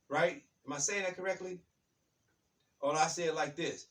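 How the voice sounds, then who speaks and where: A man giving an emphatic, repetitive motivational talk like a preacher, building to loud peaks. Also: on the high side, fairly even intonation, moderate pace, long pauses, distant mic. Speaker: author and self-help speaker.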